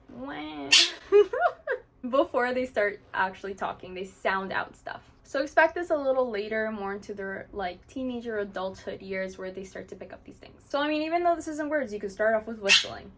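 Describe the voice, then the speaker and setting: Chatty woman with a higher voice. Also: sharp tone. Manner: chatty and explanatory, with frequent fillers like "like". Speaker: parrot owner and channel host. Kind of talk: casual how-to talk to camera.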